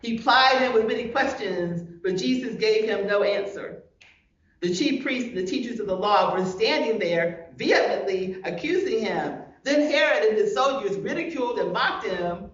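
A woman's voice: medium pitch, expressive, moderate pace, dull audio. A woman pastor preaching a sermon, emphatic and full of rhetorical questions, recorded from a distance in a large church hall.

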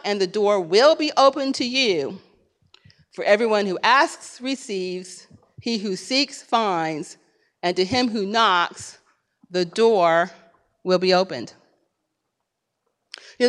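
High-voiced woman preaching emphatically. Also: a bit bright. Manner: emphatic, repetitive exhortation. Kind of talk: sermon.

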